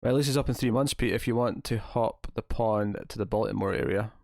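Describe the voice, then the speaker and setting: A man's voice: lowish voice, fairly quick, gravelly, darkish tone, dry recording, studio quality. Wry man chatting with live chat. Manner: wry, self-deprecating, laughs often. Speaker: livestream host. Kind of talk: casual chat reading viewer comments.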